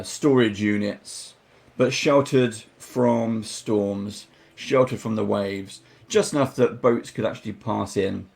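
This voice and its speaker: A man acting as game master, narrating a tabletop game in a measured, explanatory way with hesitations. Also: mid-range voice, creaky.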